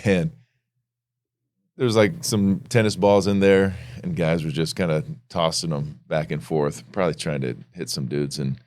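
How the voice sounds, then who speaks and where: A middle-aged man co-hosting a casual faith podcast, telling stories in a loose, animated way. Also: low-pitched, moderate pace, no echo. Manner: storytelling, animated when retelling. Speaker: podcast co-host.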